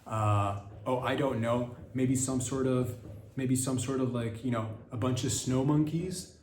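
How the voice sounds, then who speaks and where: A man's voice: medium pitch, unhurried, a little mellow, a little hiss or hum. A man hosting a podcast, rambling through a crude comedic monologue full of stumbling restarts. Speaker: podcast host. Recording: roomy echo.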